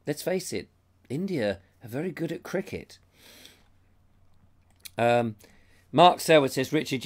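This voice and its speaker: A middle-aged man hosting a casual live chat, reading viewer comments aloud and reacting to them. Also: medium pitch. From Britain. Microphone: lapel mic.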